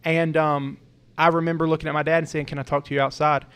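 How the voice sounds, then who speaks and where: A young man talks earnestly on a podcast, his voice sitting a little high. He rambles through a personal story, starting sentences over and circling back. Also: little pitch movement, quick pace, a bit bright, clear, resonant tone. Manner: earnest, rambling, with many restarts. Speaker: podcast co-host. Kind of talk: casual storytelling talk.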